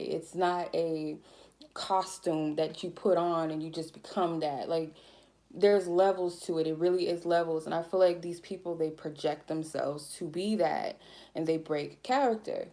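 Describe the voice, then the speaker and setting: A woman tarot reader giving a blunt, profane, laid-back spiritual reading in a mellow, chill way. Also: lowish voice. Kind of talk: casual spiritual reading monologue.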